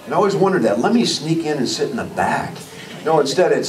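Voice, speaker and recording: A man's voice: on the high side, very animated, fast talker, a crowd in the background. A man giving a live leadership training talk, telling personal stories and asking the audience questions. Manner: storytelling, asks audience questions. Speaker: motivational speaker. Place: meeting room with audience. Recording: distant mic in a room, faint noise.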